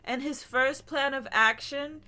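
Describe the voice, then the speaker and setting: A woman voice actor chatting casually while streaming a game, animated, laughing often and swearing freely. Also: high voice, a little slow. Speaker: streamer playing a narrative game. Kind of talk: casual chat and reading game text aloud.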